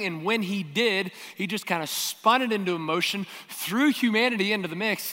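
A male pastor with a high, bright, forceful voice preaches a sermon. He talks earnestly and directly and keeps putting hard questions to his listeners. His voice carries a long reverb, as in a large hall.

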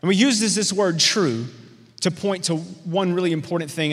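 A man preaching a sermon, who tells stories with lively acted-out voices. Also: on the high side, moderate pace, in a large hall. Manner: storytelling, animated voices in anecdotes. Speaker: pastor.

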